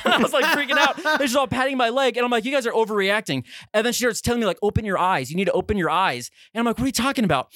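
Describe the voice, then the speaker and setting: A man co-hosting a podcast, telling a story in a casual way, acting out the quotes with sudden high yelps. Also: animated, rapid-fire, few pauses, fairly bright tone, dry recording, studio quality. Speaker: podcast co-host.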